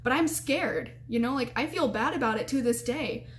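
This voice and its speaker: A young woman tells a story straight to camera, chatty and animated. Her voice sits a little high, and she keeps restarting sentences and filling gaps with "like" and "um". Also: moderate pace. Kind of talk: casual storytime vlog.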